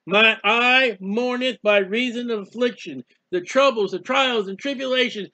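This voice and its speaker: A man's voice: very high-pitched, moderate pace, few pauses, pushed and bright. A man preaching an impassioned Bible sermon, speaking emotionally and repetitively in the first person as the psalmist. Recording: dull lo-fi recording.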